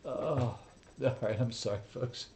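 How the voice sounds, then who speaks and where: A man's voice: mid-range voice, takes it slowly, very noisy. A middle-aged man hosting a reaction video, casual and profane, breaking into laughter and exasperated outbursts. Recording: roomy echo with faint music.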